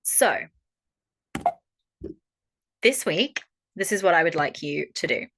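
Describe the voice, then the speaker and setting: Young aussie woman coach, blunt and lively, swears a lot, lowish voice. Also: slow, a little hiss or hum. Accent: Australian. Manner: frank and animated, swears freely. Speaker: holistic coach. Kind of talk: online workshop talk.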